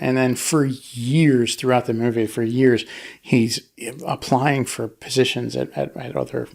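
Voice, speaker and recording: A man co-hosting a casual podcast discussion, rambling with many restarts and acting out quotes in a higher voice. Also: steady tone, measured pace, gravelly, a little mellow. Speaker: podcast co-host.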